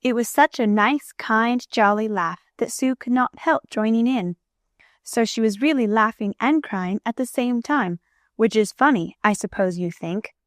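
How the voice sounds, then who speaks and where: A woman's voice: a little high, measured pace, no echo, clean studio sound. Woman narrating a children's storybook. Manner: clear, even storytelling. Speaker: audiobook narrator.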